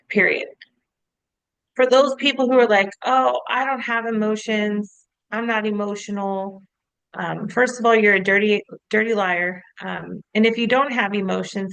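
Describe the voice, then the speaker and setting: A woman co-host speaks in a casual, lively podcast manner, telling stories with frequent "like" fillers. Her voice has a gravelly, fry-touched texture at a middle pitch. The sound is close and dry, with no room behind it. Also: dry recording, poor audio. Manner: animated storyteller, frequent "like" fillers, laughs easily.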